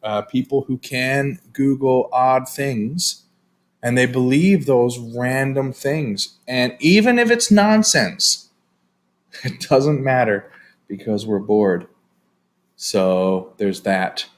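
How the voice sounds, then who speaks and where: A man's voice: medium pitch, slow pace. A middle-aged man co-hosting a casual talk show, telling loose, profane stories and laughing along. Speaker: co-host. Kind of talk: crude comedic casual chat.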